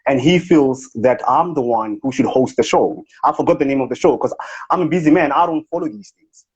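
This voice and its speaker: Lightly acted and a bit fast, this mid-range male voice is slightly mellow and a touch rough. He performs a comic impression of a pompous South African businessman bragging and scolding, using his phone on a live video call with lo-fi livestream sound.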